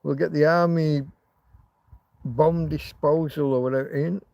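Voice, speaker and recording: A man putting on the voice of an easygoing, friendly police officer, relaxed and chummy. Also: a little high, a little slow, gravelly, dry recording, dull audio. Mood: breezy.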